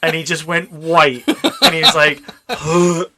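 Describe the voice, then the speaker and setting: A man, a paramedic, telling work stories in casual chat, animated and laughing, with the odd swear word. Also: a little high, unhurried, background noise. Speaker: paramedic guest.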